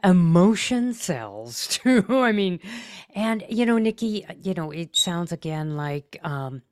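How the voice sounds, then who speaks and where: A woman's voice: on the low side, big pitch swings, dry recording, clean studio sound. A woman hosting an interview, listening and answering with short, kind remarks. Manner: slow, warm-hearted listener giving short replies. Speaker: interview host.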